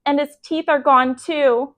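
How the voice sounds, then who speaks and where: A matter-of-fact schoolboy, as a woman reading a storybook plays him, explains things plainly. His voice is slightly raised and even. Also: high voice, unhurried, voice pushed up.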